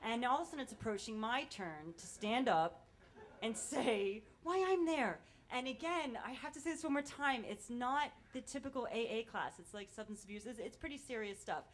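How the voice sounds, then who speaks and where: A woman with a fairly high voice tells a true story on stage. Her delivery is casual and animated, with plenty of swearing. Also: normal speed, slight background noise. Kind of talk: live first-person storytelling.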